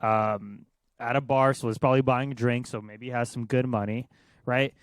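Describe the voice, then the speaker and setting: A man's voice: mid-range voice, fairly even intonation, normal speed, clean tone, no room sound. A young man co-hosting a casual podcast, offering crude, opinionated banter. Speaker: podcast co-host. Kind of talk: casual chat.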